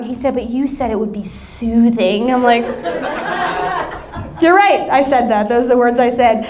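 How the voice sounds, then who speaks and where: A woman's voice: sits high, animated, measured pace, a little mellow. A woman in her thirties with an American accent, a pastor preaching a sermon and telling a family story with laughing asides.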